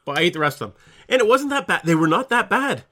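A man's voice: sits high, very animated, sharp tone. A middle-aged man co-hosting a podcast in casual chat, stammering and restarting his sentences as he talks. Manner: halting, stammers and restarts often. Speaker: podcast co-host.

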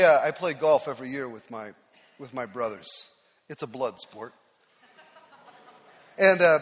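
A man preaching in a church sanctuary, his voice sitting high for a man. He tells stories about himself with a self-deprecating, conversational touch and small restarts. The sound carries a long hall reverb. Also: a bit bright. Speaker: pastor. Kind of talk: sermon.

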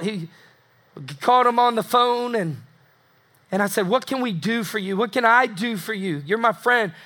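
A male pastor preaches in a strikingly high voice. His tone is bright and forceful. He hammers phrases through repetition and slips into voices for the people in his story. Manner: emphatic, repeats phrases for effect, acts out voices. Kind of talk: sermon.

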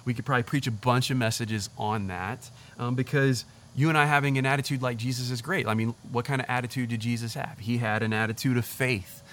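A young man, a pastor, giving a casual, conversational sermon in an animated, chatty way, often saying "like" and "literally.". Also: mid-range voice, a little fast, few pauses.

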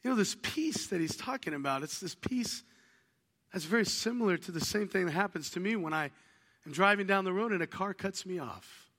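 A man preaching a sermon as a pastor, telling lively stories and acting out little household conversations. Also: sits high, fairly quick, in a large hall. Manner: animated storytelling, acts out household dialogues.

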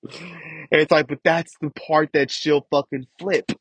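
This young podcast host's voice is a little high and steady, unhurried, with slight background noise on a dull, lo-fi, dry recording. Frustrated, he swears heavily while ranting casually about his family.

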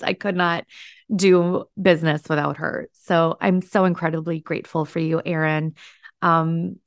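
A woman's voice: fairly low pitch, a bit bright, no echo. A middle-aged woman hosting her own podcast, talking earnestly and gushing with thanks to her listeners, clients and helpers, speaking close to the mic. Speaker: podcast host, business psychic. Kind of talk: heartfelt solo podcast talk.

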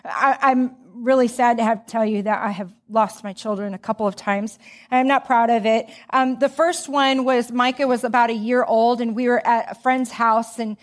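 Quick, chatty woman preaching a sermon. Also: on the high side, steady tone. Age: middle-aged. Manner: chatty, storytelling, lots of "like". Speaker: speaker.

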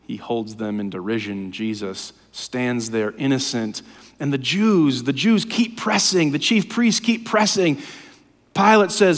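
A man preaching a sermon, impassioned and often dropping to a hushed, low voice. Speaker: pastor. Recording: long hall reverb.

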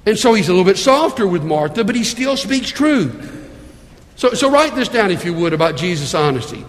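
A man preaching a sermon as a pastor, telling the story in an animated way and acting out the voices of its people. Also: sits high, a little fast. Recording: long hall reverb.

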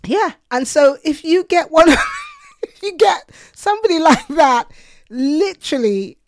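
A woman's voice: sits high, huge pitch swings, unhurried, dry recording, clean studio sound. A woman co-hosting a Christian podcast, earnestly telling personal stories and quoting her own prayers. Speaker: podcast co-host.

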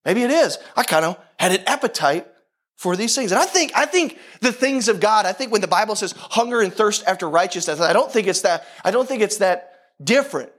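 A high-pitched man delivers a relaxed, conversational sermon as a pastor. He keeps checking in with listeners, repeats and restarts his phrases, and alternates rapid runs with slow, stressed words. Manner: animated, talks to the crowd with frequent "right?" asides.

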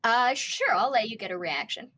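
A woman's voice: a little high, moderate pace, breathy edge, poor audio. Woman narrating as game master. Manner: relaxed, descriptive, with frequent fillers.

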